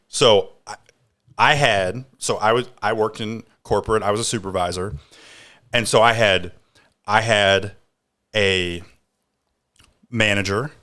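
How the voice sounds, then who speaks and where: A podcast co-host with a low voice tells a story from work in casual conversation. He's an animated storyteller who acts out the quoted dialogue.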